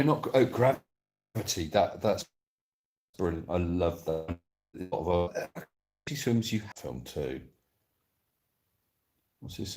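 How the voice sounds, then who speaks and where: A deep-voiced man talks casually on a live stream from his sofa at home. He rambles, reading viewers' comments aloud and answering each in turn. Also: a little mellow.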